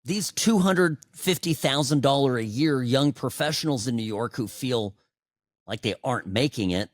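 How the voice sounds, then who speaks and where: A man's voice: mid-range voice, dry recording, clean studio sound. A man in his forties hosting a political talk show, giving opinionated commentary in a sarcastic, conversational way with many asides. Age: 40s.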